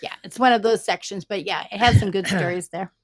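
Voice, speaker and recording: A middle-aged woman with a Boston accent, chatting casually on a live stream through a headset and telling stories full of quick wisecracks. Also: mid-range voice, dry recording. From Massachusetts. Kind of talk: casual chat.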